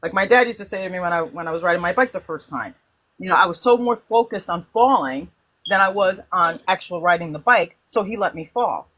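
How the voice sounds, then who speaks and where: A woman hosting a spiritual conversation who tells stories in an animated way, with frequent restarts. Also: fairly low pitch, brisk, low-quality recording. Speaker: host.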